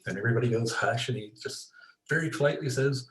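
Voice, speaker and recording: A man being interviewed as an expert, telling stories in a relaxed way and acting out the voices of the people in them. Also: lowish voice, brisk, echoey room, poor audio. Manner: storytelling, acts out quoted voices, many restarts. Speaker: guest expert. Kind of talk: conversational interview storytelling.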